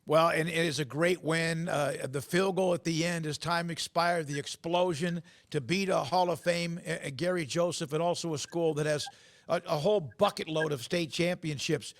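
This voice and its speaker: A man hosting a high school football show puts brisk, direct questions to his guest. His voice sits clearly higher than most men's. He moves quickly from setup to question. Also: steady tone. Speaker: sports show host. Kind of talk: interviewing a guest.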